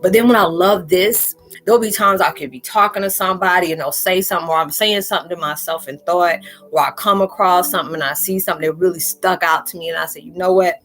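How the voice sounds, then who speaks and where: A woman's voice: fairly low pitch, fairly even intonation, quick pace, fairly bright tone, faint music behind. A spiritual vlogger talking casually and loosely to her viewers, repeating "you know" as she goes. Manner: chatty, loose, talks straight out with lots of "you know".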